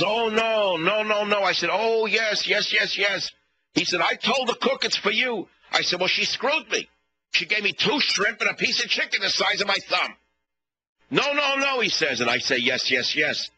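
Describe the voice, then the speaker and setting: A man's voice: medium pitch, pushed and bright, low-quality recording. Indignant man ranting on talk radio. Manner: indignant storytelling, mimics others. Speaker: radio talk show host. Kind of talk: rambling monologue. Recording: radio broadcast with faint hum.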